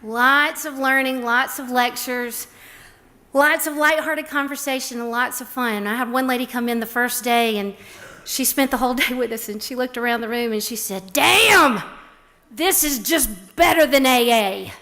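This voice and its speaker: A woman's voice: a little high, steady tone, moderate pace. A middle-aged woman giving a prepared talk, telling stories and acting out the quoted lines. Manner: warm, storytelling, acts out quotes. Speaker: speaker on a respite care program.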